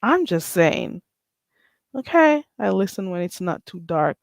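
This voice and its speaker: A blunt, sassy woman with a Caribbean accent, chatting live to her viewers on her own channel. Her middle-pitched voice sits close to the mic in a dry, dead room, and she fires off rhetorical questions at her audience. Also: sing-song, slow pace, dry recording. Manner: blunt, sassy, rhetorical, reads chat names aloud. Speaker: channel host. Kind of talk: casual livestream chat.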